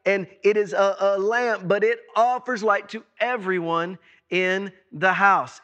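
High-voiced, bright-toned man preaching. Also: steady tone, unhurried, clean tone, highs cut off. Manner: preaching with emphatic repetition and sudden swings in loudness. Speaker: pastor. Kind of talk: sermon.

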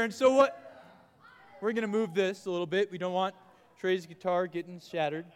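Youth pastor, male, high and bright, animated crowd-work, reverberant hall. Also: smooth. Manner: playful, animated, calling out to a crowd. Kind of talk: energetic youth group lesson with audience game.

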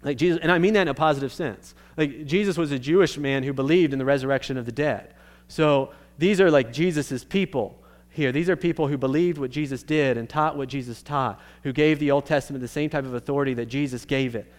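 Guy preaching a sunday sermon, smooth voice, gets emphatic, restarts a lot. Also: mid-range voice, brisk. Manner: earnest, emphatic, with frequent restarts. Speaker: pastor.

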